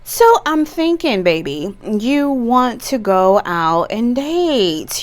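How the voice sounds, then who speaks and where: A woman's voice: fairly high pitch, big pitch swings, takes it slowly, hardly any pauses. A woman giving a casual pick-a-card tarot reading, chatty and playful, with bawdy jokes and bursts of laughter. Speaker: tarot reader.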